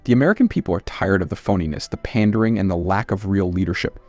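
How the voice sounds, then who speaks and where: A man's voice: low-pitched, quick pace, darkish tone, no room sound, soft background music. A man hosting a channel, reading scripted political commentary in a scornful, emphatic way.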